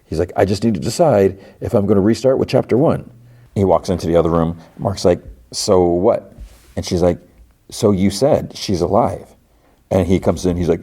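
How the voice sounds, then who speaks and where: A man's voice: deep voice, normal speed, creaky, dark tone, slightly rough. A man hosting a podcast, casually retelling a TV episode and quoting its characters, laughing now and then. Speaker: podcast host.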